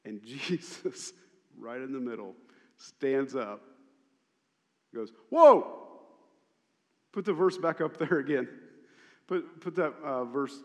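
A man's voice: medium pitch, slow pace, pauses often. A male pastor preaching a sermon, telling the story animatedly with lots of repetition. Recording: long hall reverb.

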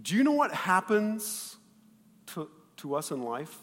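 Pastor guy preaching, bit high voiced, loud then quiet, big echoey church hall. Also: unhurried. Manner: animated, swings from loud bursts to quiet asides; acts out quoted voices. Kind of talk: sermon.

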